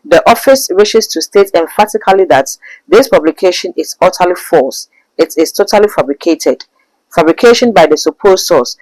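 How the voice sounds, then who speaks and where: A man's voice: high voice, expressive, normal speed, darkish tone, no echo, low-quality recording. A man hosting a talk show, chatting and reading statements aloud. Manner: reads documents aloud, conversational.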